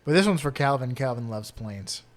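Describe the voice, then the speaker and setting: A man co-hosting a podcast, quizzing his co-host in casual chat with quick asides. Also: medium pitch, lively intonation.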